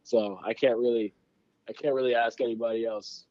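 An excitable man co-hosting a casual podcast, swearing freely as he talks. His voice is mellow and dark, and the recording is dry and a little dull and lo-fi. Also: medium pitch, fairly quick, no room sound. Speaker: podcast co-host. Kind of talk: casual chat. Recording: dull, lo-fi sound.

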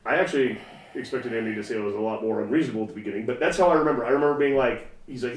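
A man's voice: medium pitch, very fast, distant mic. A man co-hosting a podcast, talking bluntly and with lots of swearing in casual chat. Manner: blunt, profane, emphatic. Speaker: podcast co-host. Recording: roomy, from off mic.

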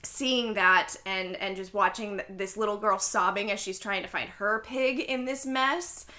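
A woman co-hosting a casual chat among friends, telling stories in an animated, fast way with fillers. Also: medium pitch. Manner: animated, fast storytelling with frequent laughs and fillers.

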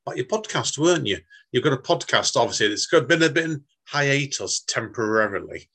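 Man, podcast host, husky, casual chat. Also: mid-range voice, expressive, a little fast, sharp tone.

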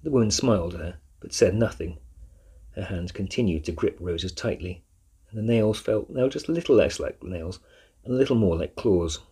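Deep, husky male storyteller. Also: lively intonation, normal speed, mellow. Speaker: narrator. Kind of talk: audiobook narration.

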